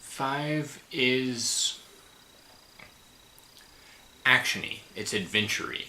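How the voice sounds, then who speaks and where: A man's voice: medium pitch, very slow, bright, forceful tone, slight background noise. A tired man in a casual film chat, hesitant and often searching for the right word. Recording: roomy echo.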